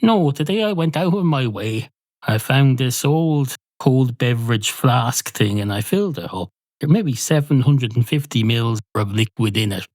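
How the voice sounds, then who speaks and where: Guy rambling deadpan to himself in his spare room, dry close mic, middling pitch. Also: no room sound. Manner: deadpan, meandering, improvised. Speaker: podcast host. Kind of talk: rambling solo comedy monologue.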